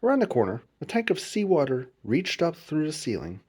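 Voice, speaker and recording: Male read-aloud host, very low and husky, highly animated storybook narration. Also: a little fast. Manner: expressive, lilting storyteller.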